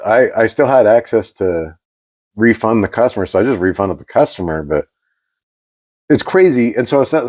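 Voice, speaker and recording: A man co-hosting a podcast, chatting casually and telling an animated story, acting out the quoted exchanges. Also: mid-range voice. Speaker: podcast co-host.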